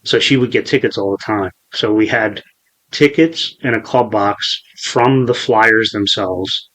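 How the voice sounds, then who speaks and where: Heard on a rough recording, his voice sits on the low side, a bit bright and unhurried. He's a podcast host in his forties, chatting casually and telling a story with swearing, rambling and many restarts.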